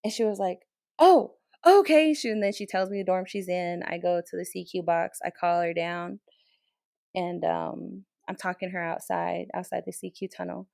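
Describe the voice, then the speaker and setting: Gravelly-voiced young woman telling a story. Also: lowish voice, moderate pace, dry recording, studio quality. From Navajo Nation, Southwest US. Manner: emotional, animated retelling with many "I was like". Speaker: military training instructor, guest. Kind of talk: interview storytelling.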